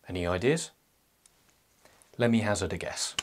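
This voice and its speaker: A young man with a fairly low, husky voice talks to his viewers. He delivers a scripted self-help monologue and breaks it up with playful, joking asides. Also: normal speed.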